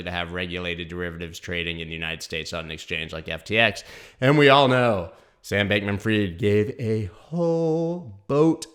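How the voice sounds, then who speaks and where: Low-pitched guy hosting a crypto news show, quick and opinionated, talks right at viewers. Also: a bit bright. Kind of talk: casual market commentary.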